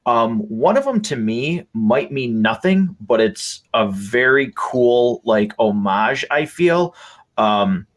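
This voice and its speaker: A man's voice: mid-range voice, animated, takes it slowly. A man hosting a podcast, talking casually and with enthusiasm, with lots of fillers and restarts. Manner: enthusiastic, rambling with many fillers. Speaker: podcast host.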